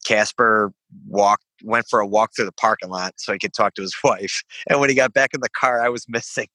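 A man's voice: fairly low pitch, steady tone, brisk, bright, forceful tone, no room sound. Swearing young man telling a story. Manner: rambling, laughing, swears freely. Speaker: podcast guest, veteran. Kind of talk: casual storytelling.

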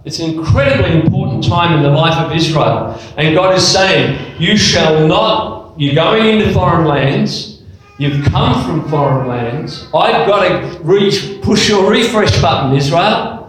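A man preaching a sermon, emphatic and animated, throwing rhetorical questions at his congregation and dropping to quiet asides. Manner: animated and emphatic, swinging from loud exclamations to low, quiet asides. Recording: very echoey church hall.

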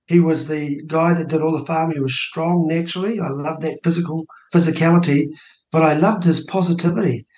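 On a radio show, a New Zealander in his sixties who is standing for election tells a family story, animatedly performing the quoted dialogue in a casual interview. His voice is on the high side and a little fast, and the room is echoey.

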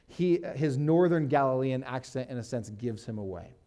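A man pastor teaching a sermon in a relaxed, conversational way, reading scripture aloud and often saying "like". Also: medium pitch, moderate pace, hardly any pauses. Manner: casual, uses "like" and fillers, reads scripture aloud.

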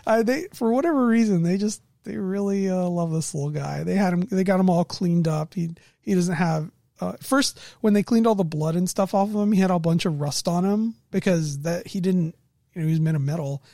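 Woman, game master, casual chat, low mellow voice, dry close sound, animated storyteller. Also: fairly quick, no echo. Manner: animated storyteller, laughs often. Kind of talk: casual chat recounting a tabletop game session.

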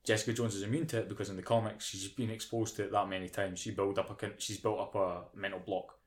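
Low-voiced british guy on a podcast, swears a lot, rants and mocks. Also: fast talker. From United Kingdom. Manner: sweary, animated ranting, mocking impressions. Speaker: podcast co-host. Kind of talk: casual chat.

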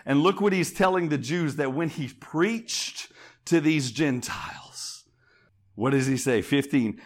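A man preaches to his church, pitching his voice a little high. He calls back to the congregation again and again. His delivery swells from plain teaching to fervent, ringing exhortation. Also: a little slow. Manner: call-and-response preaching, rising to fervent shouts. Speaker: pastor. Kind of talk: sermon.

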